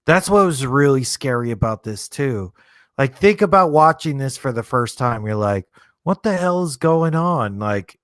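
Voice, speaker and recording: A man's voice: mid-range voice, fairly bright tone, dry recording, studio quality. A man casually commenting on a movie as a streamer, laid-back and rambling, thinking aloud with lots of fillers. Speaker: streamer hosting a movie watchalong.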